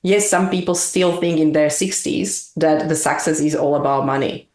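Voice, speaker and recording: A woman's voice: sits low, normal speed, a little mellow. A woman guest in an interview, talking earnestly in long, winding explanations. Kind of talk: reflective interview talk. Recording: echoey room.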